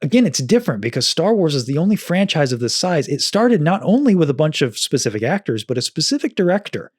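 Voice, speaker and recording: A man's voice: a little high, big pitch swings, fast talker, dry recording, studio quality. A man co-hosting a podcast, chatting casually about a film, thoughtful and careful to qualify his points. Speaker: podcast co-host.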